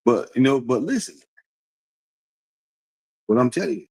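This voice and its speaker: On a casual livestream, a man addresses his audience in a mid-range, unhurried voice with a breathy edge. He's animated, repetitive and preachy and laughs a lot, and the low-quality audio has no room sound.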